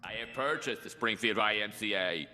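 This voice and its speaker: A man's voice: fairly low pitch, normal speed, sharp tone. An actor playing a pompous, muscle-bound male action star in a cartoon sitcom, speaking with grandiose stiffness. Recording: reverberant clip with music behind.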